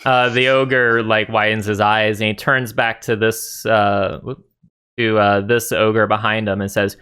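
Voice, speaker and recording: A man narrating as dungeon master in a tabletop game, relaxed with many fillers. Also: on the low side, a little slow, clear, resonant tone.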